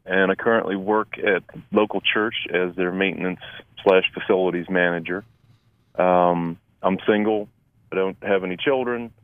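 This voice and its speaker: A man in his fifties with a deep voice, telling his story as a guest in a radio interview. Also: steady tone, normal speed, dry recording. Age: 50s. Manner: plain, earnest testimony. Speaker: guest volunteer. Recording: tinny phone line.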